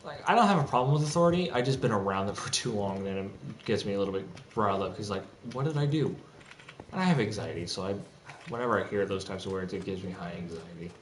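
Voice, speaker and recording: In an echoey home room with faint typing and some background noise, a young male streamer delivers a rambling, profane, agitated rant full of restarts. His voice is fairly low, expressive and quick.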